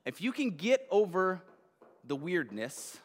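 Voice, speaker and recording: A man's voice: high voice, very animated, takes it slowly, long reverb tail. A man preaching a casual sermon in a conversational, rambling way, with a lot of fillers, asides and check-ins with his listeners. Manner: conversational, rambling, frequent "right?". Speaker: pastor.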